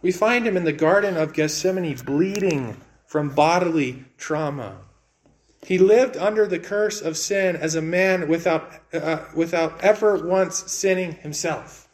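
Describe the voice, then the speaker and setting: A man preaching a sermon in an earnest way, repeating words and swinging between raised and hushed delivery. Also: fairly high pitch.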